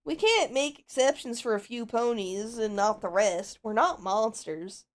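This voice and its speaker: A woman's voice: fairly high pitch, unhurried, natural voice. A woman voicing Applejack, a stubborn, kind-hearted female farm pony, in a put-on Southern drawl while role-playing a game. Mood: earnest. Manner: folksy, earnest drawl.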